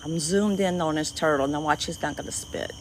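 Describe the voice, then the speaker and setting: A woman with a Cajun accent and a squeaky voice, chatting casually with viewers on a livestream from an outdoor dock at night. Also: fairly quick, a little hiss or hum, poor audio. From Louisiana. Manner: chatty, greets viewers by name, easily delighted. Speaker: livestream host. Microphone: phone livestream.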